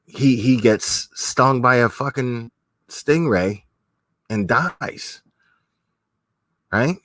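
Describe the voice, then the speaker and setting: A man's voice: mid-range voice, fairly bright tone, no echo. A man giving casual commentary as a streamer, rambling with many restarts and frequent swearing.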